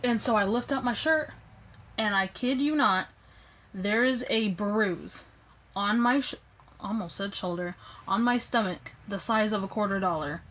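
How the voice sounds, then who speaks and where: Young woman, casual storytelling to camera, phone recording, lively voice, mid-pitched. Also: unhurried, slight background noise, poor audio. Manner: animated, acts out quoted lines with raised pitch. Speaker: vlogger.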